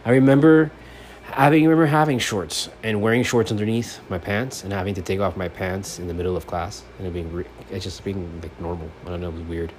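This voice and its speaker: Speaking fairly quickly, a Miami podcast host delivers a solo sports rant from his apartment in a low-leaning voice. His talk is full of curses and shifts between quiet mumbling and loud, animated ranting. Faint room hiss runs beneath it.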